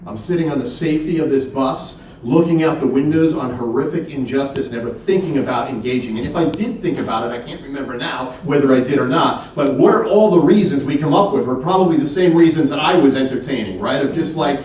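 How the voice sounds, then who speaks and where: A man's voice: mid-range voice, a little fast, hardly any pauses, darkish tone, slight background noise. A middle-aged man giving a faith-based keynote talk, telling stories in an earnest, emphatic way with repeated words. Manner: earnest, storytelling, emphatic repetition. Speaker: keynote speaker. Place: church hall. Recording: echoey hall from far off.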